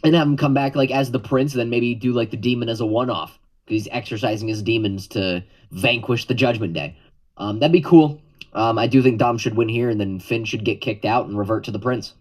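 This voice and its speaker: A man co-hosting a podcast in casual chat, halting and full of "um"s, swearing offhandedly. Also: medium pitch, rough recording. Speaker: podcast co-host.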